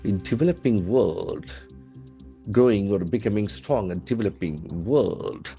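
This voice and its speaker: A man with an Indian English accent teaching English words from a newspaper, spelling them out letter by letter and repeating each word slowly. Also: on the low side, expressive, warm tone, faint music behind. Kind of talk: newspaper vocabulary lesson.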